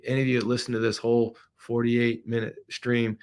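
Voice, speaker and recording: A man's voice: mid-range voice, completely flat delivery, brisk. A middle-aged man, a business owner, talking through a casual livestream in a rambling, heartfelt way, emotional at times.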